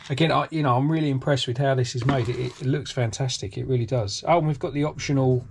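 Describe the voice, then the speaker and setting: A British man chats his way through an unboxing, full of ums and little restarts. His voice sits in an ordinary middle pitch. Faint background noise runs under the recording. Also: fairly even intonation, fast talker, vocal fry. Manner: rambling, lots of ums and restarts, enthusiastic. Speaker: RC hobby channel host. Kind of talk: casual unboxing commentary. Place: home workshop.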